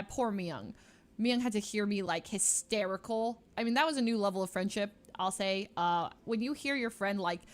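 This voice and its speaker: A woman streamer casually telling a story, dramatic and animated, with lots of "like" fillers. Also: mid-range voice.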